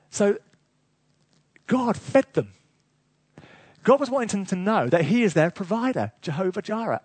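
A male preacher with a high, husky voice, delivering a sermon with lively storytelling and chuckled asides to the congregation. Recorded close and dry. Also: moderate pace, pauses often, no echo.

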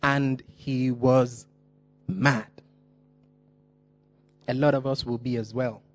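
A man preaching a sermon, stressing and repeating key phrases, slowing down on important words. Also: medium pitch, fairly even intonation.

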